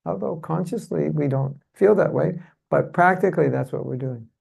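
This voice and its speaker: A man with a very gravelly, creaky voice teaching a devotional seminar in a temple hall. He speaks in a fairly high register for a man, often poses rhetorical questions, and leads the audience in call-and-response. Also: normal speed, darkish tone. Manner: rhetorical, keeps asking "isn't it?".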